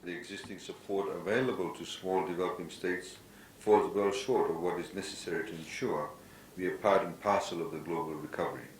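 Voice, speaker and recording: A man government minister making a formal, deliberate official statement. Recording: echoey room with rumble.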